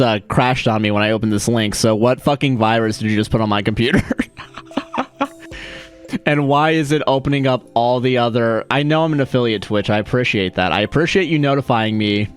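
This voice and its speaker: A young man casually chatting on a live stream, ranting with a lot of swearing and laughing at his own jokes. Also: mid-range voice. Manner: profane, ranting, self-mocking, laughs often.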